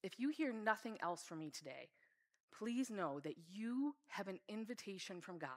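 A woman's voice: medium pitch, very animated, moderate pace. A woman preaching a sermon in an earnest, heartfelt way. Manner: earnest, reads scripture aloud with feeling.

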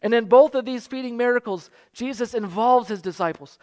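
Man, 30s, pastor, sermon, high-pitched voice, earnest and fervent. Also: a little fast, a little mellow. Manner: earnest, rising to fervent exhortation.

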